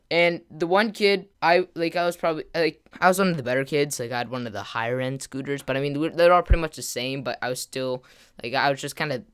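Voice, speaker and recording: A man's voice: fairly high pitch, a bit bright, clean tone. A man, a gaming vlogger, telling a story to camera in a rambling way, full of "like" fillers and restarts.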